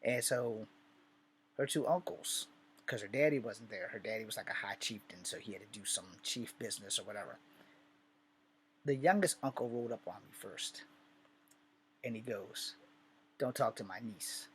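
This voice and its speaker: A man's voice: on the low side, normal speed, long pauses, a little hiss or hum. Candid, profane man telling stories. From Virginia, US. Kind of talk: casual storytelling vlog.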